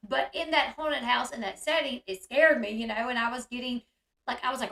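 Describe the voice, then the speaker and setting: Woman talking over a clip, high voice, kinda echoey room. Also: a little fast. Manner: animated, reacts loudly, acts out quoted yelling. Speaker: commentary host. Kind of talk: casual commentary on a news video.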